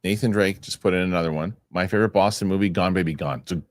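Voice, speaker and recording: Deep-voiced male host reading chat. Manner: reads viewer comments aloud, halting restarts. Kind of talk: casual chat reading live chat.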